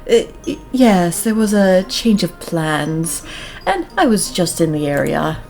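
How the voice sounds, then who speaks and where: A sneering, jealous rich young man who looks down his nose at everyone, put on by a woman reading a game aloud. The voice sits a little lower than her own and swoops with lively, exaggerated pitch. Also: slow, gravelly, faint music behind, full character voice. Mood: stiff polite. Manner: haughty, condescending.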